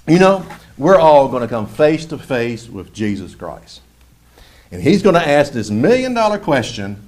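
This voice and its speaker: A male preacher delivering a sermon, animated and mocking as he imitates churchgoers. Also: fairly high pitch, normal speed.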